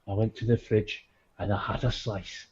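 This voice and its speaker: A man voicing a hulking, greedy older male wrestler in a low, hushed mumble, as an impression within a story. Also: fairly even intonation, normal speed, lightly acted. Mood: sheepish confessing. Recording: dull lo-fi audio.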